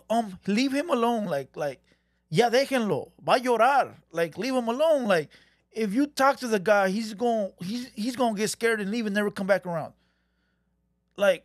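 A man's voice: high-pitched, dry recording, clean studio sound. A man hosting a reaction channel, ranting heatedly and repeating himself, dropping Spanish slang. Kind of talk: reaction commentary.

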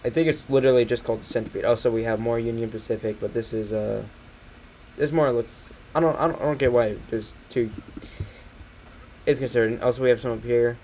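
A man's voice: mid-range voice, fairly even intonation, normal speed, warm tone. A young man rambling through a train catalog on a stream, sarcastic and swearing a lot, laughing often. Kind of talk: casual commentary over a catalog.

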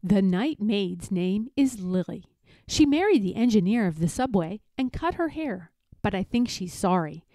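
A woman reading a children's picture book aloud in a playful, expressive, emphatic way. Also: medium pitch, moderate pace, no echo. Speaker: read-aloud narrator.

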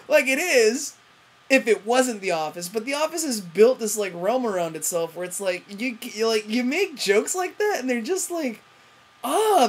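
A TV review vlogger with a husky, fairly high-pitched voice rants about an episode. Her delivery is profane, rambling, and frustrated, with frequent self-interruptions and fillers.

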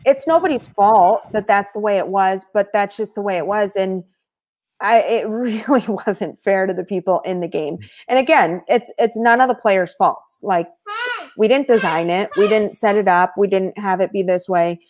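A woman as a podcast guest, telling stories in a casual, animated way with frequent laughter. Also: medium pitch, moderate pace. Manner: animated, laughs often mid-story, many fillers. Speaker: podcast guest, former reality show contestant. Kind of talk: casual storytelling chat.

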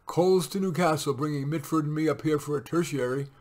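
Grumbling male specialist, raised pitch, louder, read by a man. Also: quick pace, natural voice.

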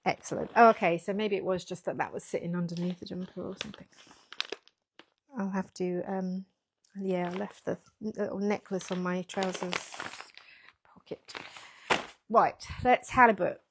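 A woman's voice: lowish voice, fairly even intonation, normal speed, pauses often, background noise. A woman hosting a casual livestream, chatting with viewers and reading their comments. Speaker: yarn shop owner hosting a packing livestream. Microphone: pinned lapel mic.

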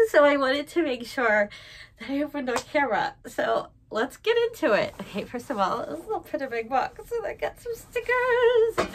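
A woman's voice: fairly high pitch, a little hiss or hum. A young woman vlogging at home, unboxing a package on camera in a gushing, emotional way. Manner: gushing, emotional, tearful with laughter. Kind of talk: casual unboxing vlog.

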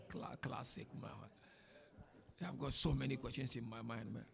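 A man, a sheikh, giving a chatty, animated religious talk to an audience in a mosque and taking their questions. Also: mid-range voice, measured pace, creaky. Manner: animated, chatty teacher with laughs and asides. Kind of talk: informal religious lecture with Q&A. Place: mosque hall before an audience.

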